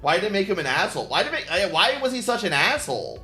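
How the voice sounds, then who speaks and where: A man's voice: sits high, very animated, fast talker, sharp tone, echoey room, soft background music. A man streaming casually, rambling and swearing with frequent laughter. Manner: rambling, profane, laughs often. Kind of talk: casual chat while painting.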